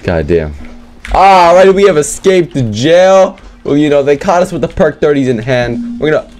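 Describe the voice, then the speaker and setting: A young man narrating his online gameplay, loud and erratic, often shouting and laughing. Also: fairly high pitch, sing-song, normal speed, soft background music. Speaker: gaming YouTuber. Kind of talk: excitable gameplay commentary with voice chat.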